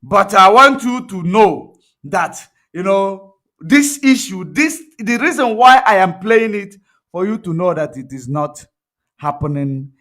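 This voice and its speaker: A man's voice: a little high, fairly bright tone. A man with a Nigerian accent giving an emphatic political commentary monologue, repeating points for effect. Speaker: online commentator.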